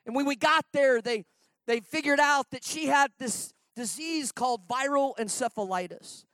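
A middle-aged man preaching a sermon on a stage, telling stories emphatically and swinging between loud outbursts and hushed lines. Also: extremely high pitch, smooth, no room sound, low-quality recording. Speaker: traveling preacher.

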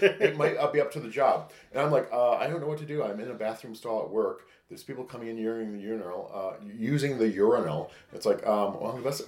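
A man co-hosting a podcast who tells a candid, rambling story and acts out the texts he quotes. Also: lowish voice. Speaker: podcast co-host. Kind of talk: casual storytelling. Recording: echoey room.

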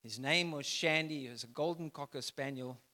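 A man preaching a sermon, emphatic, swinging from loud declarations to soft, quiet phrases. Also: fairly high pitch, normal speed, long reverb tail. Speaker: pastor.

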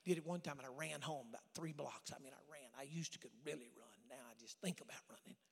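A man's voice: mid-range voice, quick pace, gravelly, breathy edge. A male evangelist from Oklahoma preaching a sermon, telling stories dramatically and dropping to whispers for emphasis. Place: church sanctuary. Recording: long church hall reverb.

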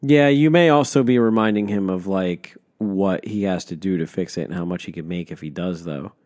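A man's voice: deep voice, moderate pace, a little mellow. A young man co-hosting a podcast, chatting casually and bluntly, swearing often and cutting in. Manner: blunt, swears often, talks over the other speaker. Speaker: podcast co-host. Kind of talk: casual chat.

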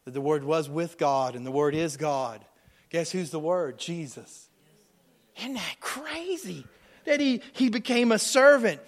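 A man preaching a sermon as a pastor, passionate, swinging between loud declarations and quiet asides. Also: high voice. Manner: passionate preaching, rising and falling in volume, quick asides. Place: church sanctuary.

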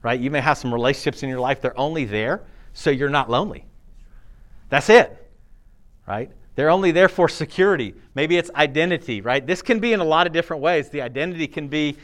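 A man in his thirties preaching a sermon in a conversational, animated way, acting out quotes and laughing often. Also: on the high side, brisk. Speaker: pastor.

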